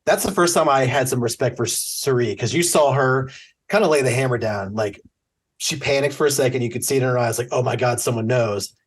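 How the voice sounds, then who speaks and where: A man's voice: medium pitch, brisk. A man co-hosting a podcast in casual chat, chatty and acting out quotes he recounts. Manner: chatty, acts out quotes from the show; self-described easy crier. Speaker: podcast co-host.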